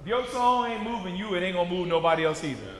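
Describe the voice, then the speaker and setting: A man preaching a sermon with call-and-response, repeating his lines for the congregation and rising to emphatic shouts. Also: sits high, animated, fast. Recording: echoey hall, mic far off, audience.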